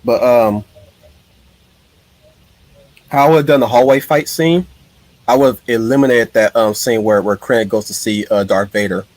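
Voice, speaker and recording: A man's voice: mid-range voice, normal speed, pauses often, darkish tone, no echo. A man hosting a casual live stream, telling his ideas in an eager, rambling way. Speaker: streamer host.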